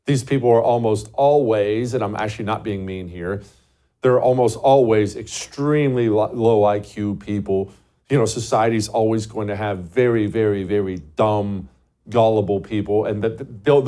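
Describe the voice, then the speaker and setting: A man's voice: on the low side, normal speed, warm tone. A man hosting a talk show, delivering an emphatic, scornful political monologue and repeating words for stress.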